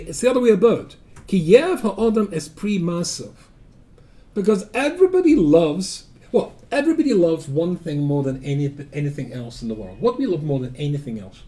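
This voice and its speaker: Animated older Scottish rabbi lecturing. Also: male voice, on the high side. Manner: animated storytelling with humor and asides.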